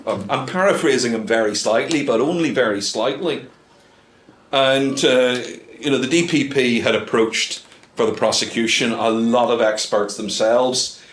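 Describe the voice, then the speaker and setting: A man's voice: mid-range voice, normal speed. A man giving a witty talk to a club audience. He has a mid-range voice and drops dry asides between hesitant ums. The room is echoey, with a faint hum of noise behind him. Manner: wry, dry asides with many ums and uhs. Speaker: guest speaker.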